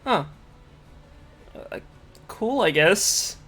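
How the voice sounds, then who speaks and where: A woman's voice: mid-range voice, animated, very slow, a bit bright, husky, voice pushed up, full character voice. A man voicing a short, scarred, muscular female warrior with a dry, teasing manner. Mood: unimpressed.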